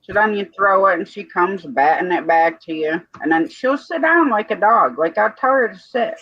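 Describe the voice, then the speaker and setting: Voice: mid-range voice, lively intonation, moderate pace, no echo, lo-fi sound. A person chatting casually on a livestream, telling folksy stories. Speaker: livestream chat participant. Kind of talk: casual chat.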